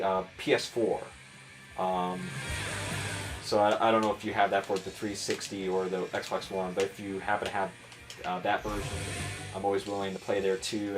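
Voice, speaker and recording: Chatty man with a Chicago accent. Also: fairly low pitch. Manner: rambling, chatty, self-mocking. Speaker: gaming streamer. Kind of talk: casual gameplay commentary.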